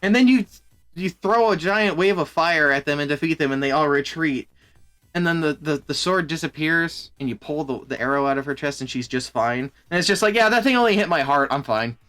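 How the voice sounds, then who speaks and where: A man streaming and chatting casually, in an animated, exasperated way with plenty of swearing. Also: on the high side, a little fast, faint music behind. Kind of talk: casual chat.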